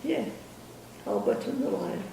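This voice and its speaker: An older woman telling family stories in a halting, chuckling way, losing her thread now and then. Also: medium pitch, huge pitch swings, creaky, dark tone, slight background noise. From England. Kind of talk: casual storytelling. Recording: echoey room from a distance.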